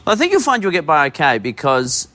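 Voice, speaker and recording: A man's voice: a little high, huge pitch swings, fast, pushed and bright, soft background music. An Australian man hosting a talk show, chatting and joking with his guests. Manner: joking, teasing. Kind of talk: casual interview chat.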